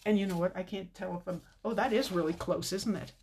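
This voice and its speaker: An older woman hosting a casual live craft stream, chatting warmly with viewers, teary with a slightly stuffy nose. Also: mid-range voice, a little fast, slight background noise. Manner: chatty and tearful, reading viewer comments. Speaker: card-making video host.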